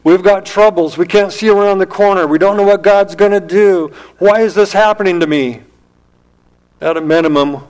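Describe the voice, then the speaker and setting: A man's voice: medium pitch, low-quality recording. A man preaching a sermon in an earnest, emphatic style, his voice rising and dropping as he speaks. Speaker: pastor.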